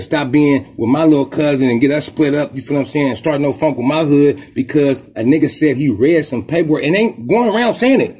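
A man with a Bay Area Oakland accent hosts his own podcast, talking straight through a long monologue. His voice is raspy and a touch higher than most men's. He runs his words together fast, in blunt, profane street talk. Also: darkish tone. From Oakland, California. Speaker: podcast host. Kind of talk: casual monologue storytelling.

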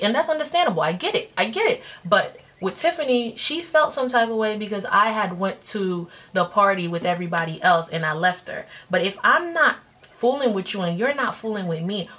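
A woman in her twenties telling a personal story in a casual vlog, blunt and slangy, jumping up in pitch when she acts out quotes. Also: fairly quick. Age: 20s. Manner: animated, jumps up in pitch when acting out quotes; slangy, blunt, self-mocking. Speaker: vlogger.

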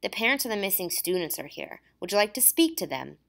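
A woman reading the part of an adult male fireman who speaks in a calm, polite, reassuring way. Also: mid-range voice, fast, gravelly, voice pushed up. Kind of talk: audiobook dialogue.

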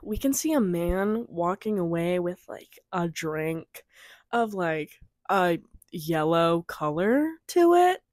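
A young woman casually chatting through a trailer review, rambling, giggling and trailing off into soft mumbles. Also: on the low side, big pitch swings, slow pace, no room sound.

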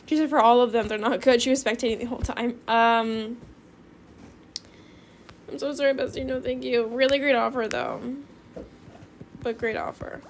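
A teenage girl chatting excitedly through casual gameplay commentary, bubbly and calling viewers bestie. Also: on the high side, moderate pace, pauses often, slight background noise. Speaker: gaming video creator.

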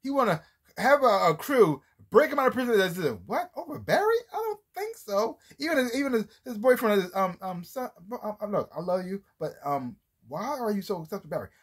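A man's voice: sits high, big pitch swings, brisk, husky. A man giving a casual, rambling review of a TV series, often restarting his sentences and acting out scenes as he retells them. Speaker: TV show reviewer.

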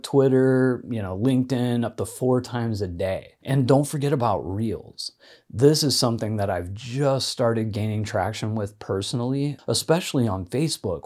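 An independent filmmaker with a medium-pitched, darkish voice speaks straight to camera. He gives practical social media marketing tips in a conversational advice talk, with casual fillers.

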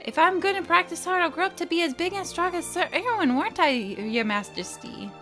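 A high eager little boy, as a woman reads him. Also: lively intonation, brisk, a bit bright, faint music behind.

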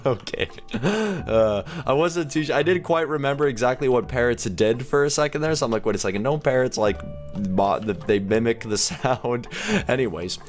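A man giving a chatty, joking playthrough commentary of a video game, reacting quickly and with excitement to what he sees. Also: mid-range voice, faint music behind. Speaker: gaming commentator.

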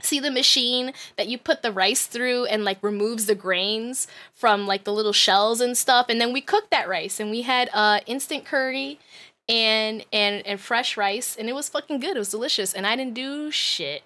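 A woman's voice: a little high, moderate pace, pushed and bright. A woman in her thirties chatting casually on a livestream, laughing often, swearing freely and rambling with lots of fillers. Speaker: streamer.

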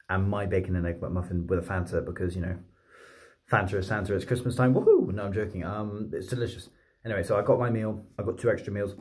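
A man, telling a story to camera in a chatty, rambling, excitable way. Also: sits low. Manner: chatty, rambling, excitable, with many fillers and restarts. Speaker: vlogger and streamer.

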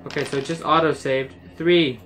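A gaming channel host giving let's-play commentary at a desk mic, getting frustrated, ranting and yelling at the game. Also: medium pitch, steady tone, moderate pace, soft background music.

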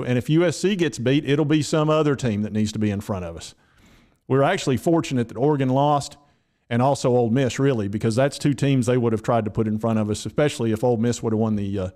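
A man's voice: medium pitch, mellow. A man, a sports vlogger who rants in a folksy, exasperated way. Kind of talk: casual sports commentary.

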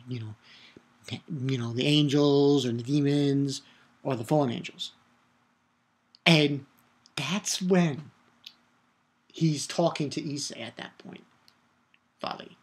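A man giving a casual video review of an anime episode, excitable and rambling, swearing and shouting out his own reactions. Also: a little high, slightly rough. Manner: rambling with restarts and filler.

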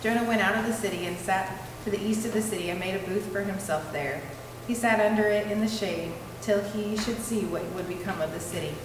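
A woman reading a scripture passage aloud in a steady, measured way. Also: mid-range voice. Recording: distant mic in an echoey hall with room noise.

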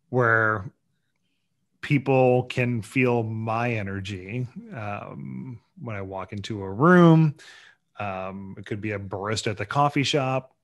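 A man hosting a podcast, musing aloud in a halting way with many fillers. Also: mid-range voice, a bit bright. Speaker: podcast host. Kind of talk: casual podcast chat.

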